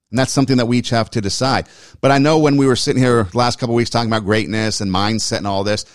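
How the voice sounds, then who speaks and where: A man's voice: fairly low pitch, no room sound, studio quality. A man hosting a talk show, giving casual spoken commentary that often repeats and rephrases itself. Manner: conversational, repeats and rephrases, emphatic. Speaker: host.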